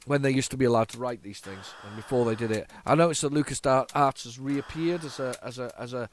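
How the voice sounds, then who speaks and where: A man's voice: mid-range voice, a little fast, slight background noise. A man from the UK hosting a retro computing video, chatting nostalgically and stumbling over repeated words and false starts as he loads an old cassette. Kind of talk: casual solo commentary.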